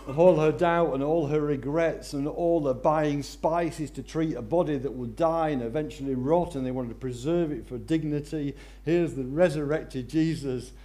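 A man preaching a sermon, swinging between loud excitement and hushed intensity. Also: a little high, normal speed, hardly any pauses.

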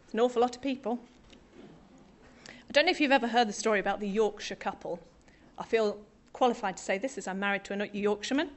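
A woman's voice: medium pitch, fast talker. British woman preaching a sermon. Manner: conversational, self-deprecating humour with a congregation.

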